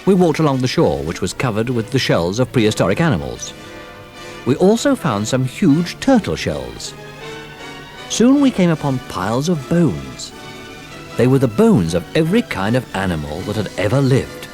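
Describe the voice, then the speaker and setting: A man narrating a children's storybook recording in a lively, expressive telling. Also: mid-range voice, moderate pace. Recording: old storybook record with music.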